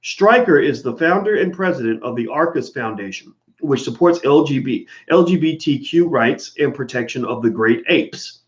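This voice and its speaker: Man, live-stream host, casual chatty delivery, mid pitch, slightly muffled audio. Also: expressive, normal speed, few pauses. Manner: casual, chatty, greets viewers by name.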